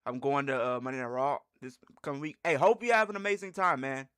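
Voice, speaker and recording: A man's voice: mid-range voice, quick pace, a bit bright, clear, resonant tone, no room sound, clean studio sound. A man hosting a livestream, reacting animatedly and repeating bro and fam. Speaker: livestream host.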